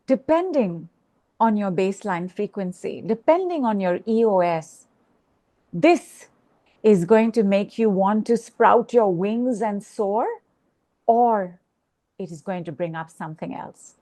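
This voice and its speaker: A woman coaching a group call, guiding a slow exercise and repeating affirmations. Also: mid-range voice, expressive, dark tone. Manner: slow, repetitive, instructive.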